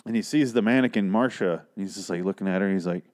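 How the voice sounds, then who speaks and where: A man's voice: low-pitched, fast talker, darkish tone. A man hosting a podcast alone, rambling and swearing as he recaps a story and acts out the characters. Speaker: podcast host. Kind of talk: casual solo podcast chat.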